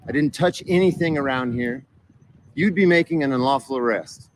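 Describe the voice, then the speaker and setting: A man's voice: medium pitch, normal speed, slight background noise. A man in a played clip confronting police officers, lecturing and needling them.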